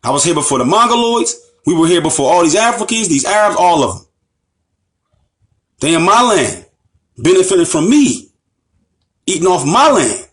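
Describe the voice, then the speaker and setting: Impassioned man with a higher voice. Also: very animated, normal speed, pauses often, fairly bright tone. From United States. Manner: emphatic, repeats phrases, asks the audience rhetorical questions. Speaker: Islamic teacher. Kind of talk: impassioned lecture.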